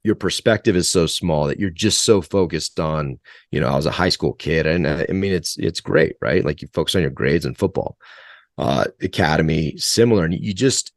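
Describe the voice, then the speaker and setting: A man's voice: extremely low pitch, expressive, normal speed, dry recording, studio quality. A man in his forties, a guest in an interview, telling stories in a rambling way with many restarts. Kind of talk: conversational interview storytelling.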